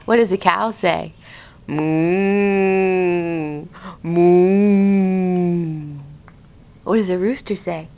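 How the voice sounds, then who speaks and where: A woman coaxing a toddler in slow, sing-song baby talk at home. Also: lowish voice, creaky. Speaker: parent talking to a toddler. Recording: dull lo-fi home video.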